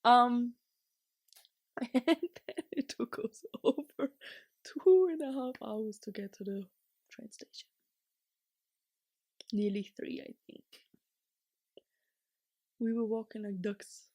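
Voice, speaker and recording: A young woman vlogs in a rambling, excitable way, laughing often and dropping to whispers before bursting into shouts. Her voice sits a little high and she talks at an unhurried pace. The sound is dry and close. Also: no echo. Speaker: vlogger. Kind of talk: casual chatty recap.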